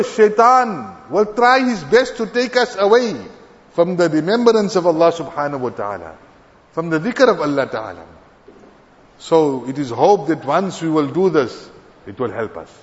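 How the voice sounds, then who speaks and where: A man preaching a sermon in an earnest, emphatic way, telling stories of pious elders and rising in pitch on key points. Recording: dull lo-fi sound with long hall reverb.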